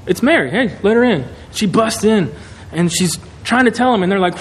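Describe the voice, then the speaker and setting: A man preaching a sermon in a conversational, animated way, acting out quotes. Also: high-pitched, normal speed, slightly rough. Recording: echoey hall, faint noise.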